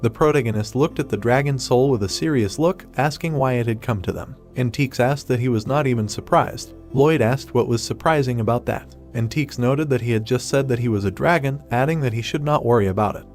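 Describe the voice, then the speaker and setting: Steady male recap narrator. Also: mid-range voice, fairly quick, hardly any pauses, soft background music. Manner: steady even third-person retelling. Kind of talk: scripted narration.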